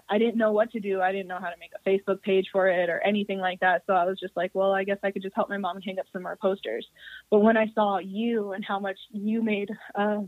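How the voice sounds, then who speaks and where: A woman's voice: mid-range voice, no room sound. Guest woman, hesitant casual speech, phone-quality dry line. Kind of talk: casual interview.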